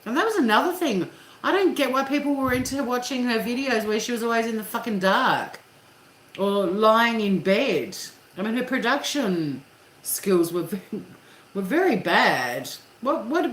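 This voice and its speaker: A woman hosting a casual live chat with viewers, talking candidly and swearing freely. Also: mid-range voice. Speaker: livestream host. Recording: echoey room with faint hum.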